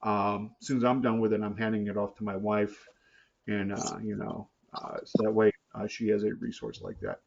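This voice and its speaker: A man's voice: on the low side, expressive, moderate pace, gravelly, a little mellow, a little hiss or hum. A man in a support group sharing his story on a video call, talking hesitantly with lots of fillers and restarts. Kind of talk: casual chat on a video call. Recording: slightly muffled call audio.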